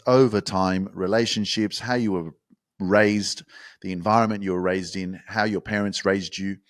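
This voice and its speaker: A man hosting a motivational podcast, talking casually and swearing freely as he builds up to shouted hype. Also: on the low side, no room sound, studio quality. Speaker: podcast host. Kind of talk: motivational talk.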